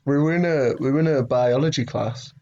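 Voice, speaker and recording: A man's voice: mid-range voice, brisk, warm tone, muffled recording. A young man chatting on a podcast, wry and full of questions. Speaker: podcast co-host. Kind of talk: casual chat.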